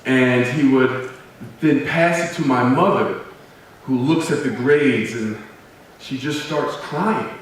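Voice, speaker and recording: A man giving a motivational speech, telling personal stories with humor and dramatic pauses. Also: mid-range voice, a little hiss or hum. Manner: humorous, self-deprecating storytelling with dramatic pauses. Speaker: motivational speaker. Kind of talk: personal storytelling speech to an audience. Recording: very echoey hall, voice from a distance.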